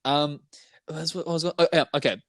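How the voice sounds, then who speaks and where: A man's voice: fairly high pitch, fairly even intonation, brisk, no echo. A young man with a New Zealand accent, rambling, stumbling and laughing in casual podcast chat. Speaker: podcast co-host.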